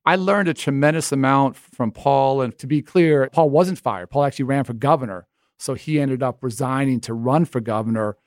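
A middle-aged man, a guest in an interview, talking in a measured, earnest way about his work in schools. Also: mid-range voice, no echo. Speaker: interview guest, education leader. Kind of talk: conversational interview.

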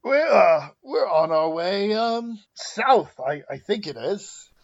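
Slow, gravelly, hesitant player. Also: mid-range voice, big pitch swings, no echo, lo-fi sound. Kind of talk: casual tabletop game play.

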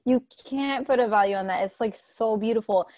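A woman's voice: on the high side, fairly quick, a little mellow, no room sound, muffled recording. A woman money coach hosting an interview, gushing, tearful at times and swearing casually. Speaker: money coach and podcast host. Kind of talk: emotional conversational interview.

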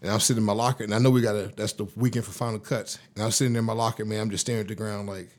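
A man's voice: lowish voice, flat delivery, racing, few pauses. A man in his fifties, a former pro football lineman, telling stories in a casual interview in a loose, slangy, profane way.

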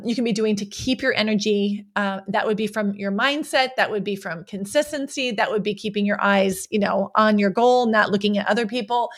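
A woman hosting a podcast as a coach, talking casually and playfully, often checking in with "right?". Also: mid-range voice. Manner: upbeat, playful, often ends points with "right?". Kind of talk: casual motivational podcast talk.

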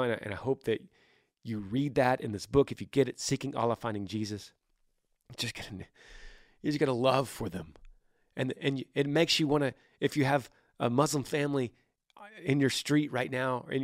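A man's voice: mid-range voice, dry recording, studio quality. A man hosting a podcast, giving earnest faith-based advice in a casual way, often repeating and restarting phrases. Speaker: podcast host.

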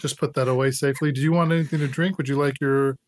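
A man's voice: mid-range voice, fairly even intonation, fast, lightly acted. A man playing an overly polite flight attendant who hesitates with lots of uhs, in an improv comedy scene.

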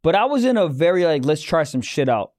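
A man's voice: on the high side, very animated, brisk, a little mellow, dry recording, clean studio sound. A young man co-hosting a comedy podcast, talking casually in a rambling way and often restarting his sentences. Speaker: podcast co-host.

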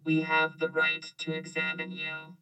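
A woman voicing a calm, robotic male alien voice in a monotone during a casual podcast story. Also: deep voice, clean tone, no echo, soft background music, pitched below the performer's own voice, poor audio. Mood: calm commanding. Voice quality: monotone, slow and flat.

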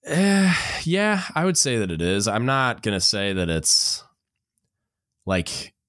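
A man's voice: medium pitch, slow pace, no echo, clean studio sound. A man hosting a podcast, talking casually in a rambling way, with plenty of "like" fillers and restarts. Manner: relaxed, rambling, lots of "like" and restarts. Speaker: podcast host. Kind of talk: casual conversation.

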